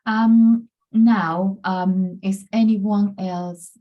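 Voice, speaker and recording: A woman's voice: mid-range voice, fairly even intonation, extremely slow, dull audio. A woman from Peru, presenting a pronunciation workshop over a video call in an upbeat, encouraging way. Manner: upbeat, encouraging, often says amazing and brilliant. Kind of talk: online presentation.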